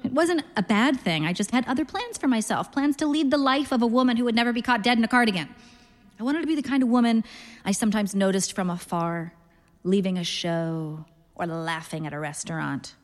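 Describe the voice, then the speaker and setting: A woman in her thirties reading a literary story aloud in a dry, deadpan first-person voice. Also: on the high side, a little fast, in a large hall. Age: 30s. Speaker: narrator, reader.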